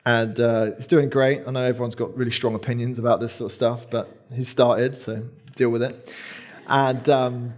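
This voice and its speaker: A man's voice: mid-range voice, level tone, normal speed, darkish tone. A man in his thirties preaching a sermon as pastor, earnest and emphatic, repeating key phrases.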